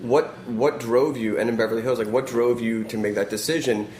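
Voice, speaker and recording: A man's voice: medium pitch, fairly even intonation, brisk, a little mellow, reverberant, a little hiss or hum. A man hosting a radio interview, asking long, winding questions. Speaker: radio show host.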